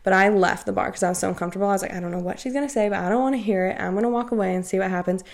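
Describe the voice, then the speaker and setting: A woman's voice: mid-range voice, very fast, creaky. A young adult woman co-hosting a podcast, telling a story in casual chat, full of "like" and acted-out quotes. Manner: chatty, heavy use of "like", acts out quoted dialogue. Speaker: podcast co-host.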